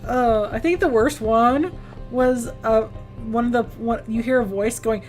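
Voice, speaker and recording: Rambling, high-voiced woman streamer. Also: unhurried, darkish tone, faint music behind. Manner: rambling, with many restarts, acting out quoted lines in a raised voice. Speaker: game streamer. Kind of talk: casual live-stream chat while gaming.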